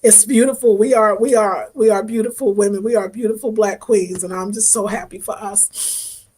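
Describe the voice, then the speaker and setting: A woman's voice: medium pitch, steady tone, moderate pace, darkish tone, a little hiss or hum. A woman hosting a casual livestream, thanking viewers by name in an effusive, affectionate way, her voice wavering with emotion at times. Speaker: livestream host reading viewer comments.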